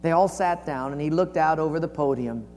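A man delivers a sermon as a lively storyteller, swinging his pitch and volume to act out the people in his story. His voice sits a little high. It rings with the long reverb of a large hall, and a faint hum runs underneath. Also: brisk. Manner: folksy storyteller, acts out quotes with big swings in pitch and volume. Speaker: pastor.

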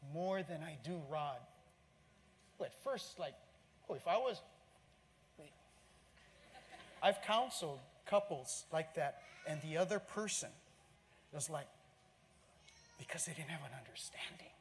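A man with a high voice preaching a lively sermon, full of exclamations and sudden drops to near-hushed asides. He is recorded in a church auditorium, with a long hall reverb and faint room ambience behind him. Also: slight background noise. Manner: animated, exclamatory, swings between shouting and hushed asides. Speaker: pastor.

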